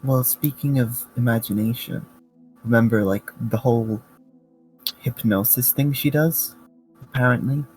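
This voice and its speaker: A man's voice: medium pitch, measured pace, darkish tone, soft background music, rough recording. A man playing a tabletop game, thinking aloud in an easygoing, casual way. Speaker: player.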